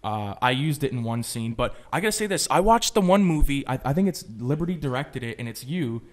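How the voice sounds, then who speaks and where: A man's voice: medium pitch, brisk. A young man, a film student guest on a podcast, telling stories in casual chat with plenty of fillers and swearing. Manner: animated storytelling with lots of filler and swearing.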